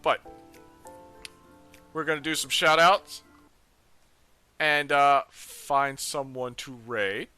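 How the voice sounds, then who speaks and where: A man hosting a live stream, giving casual shout-outs in a relaxed, amused way. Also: medium pitch, slow, long pauses, smooth, dry recording, faint music behind. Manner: relaxed, amused, laughs often. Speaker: streamer host.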